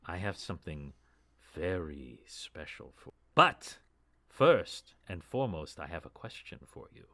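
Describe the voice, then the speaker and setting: A man's voice: deep voice, big pitch swings, unhurried, sharp tone, no room sound, exaggerated voice. A man voicing a female drow druid disguised as a wood elf, who speaks in a formal, stilted, mysterious way.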